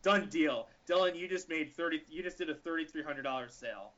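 Man in his own voice, animated storyteller, bright and forceful tone, slightly higher pitch, muffled lo-fi sound. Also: a little fast. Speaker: podcast co-host telling a story. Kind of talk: casual storytelling chat. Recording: lo-fi podcast audio.

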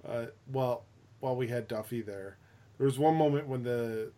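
A man spinning a casual anecdote for a co-host, rambling through fillers and restarts and swearing freely. His voice sits at an ordinary middle pitch. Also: normal speed, mellow. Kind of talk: casual chat, storytelling.

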